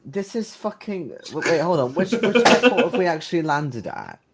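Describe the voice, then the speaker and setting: A man's voice: fairly high pitch, huge pitch swings, moderate pace, gravelly, over a noisy crowd. Blunt British man playing a tabletop game. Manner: blunt, sweary. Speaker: player. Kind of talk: casual chat in a tabletop game.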